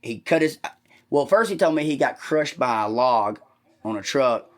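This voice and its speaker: A man telling a rambling, profane story on a comedy podcast. He talks loudly and swears constantly. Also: mid-range voice, lively intonation, normal speed. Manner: talks loud. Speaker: podcast host.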